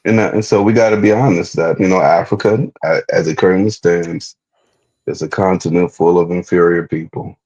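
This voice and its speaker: A man with a low, husky voice talks bluntly and emphatically, full of slang. His audio comes through dull and muffled. Casual chat with a hard edge. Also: fairly even intonation, fairly quick, darkish tone.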